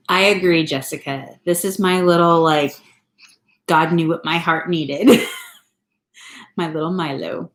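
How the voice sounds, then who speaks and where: A woman's voice: sits low, slow, long pauses, echoey room. A woman in her thirties from California, chatting casually on a home live stream, rambling and laughing often. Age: 30s. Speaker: vlogger. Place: home, indoors.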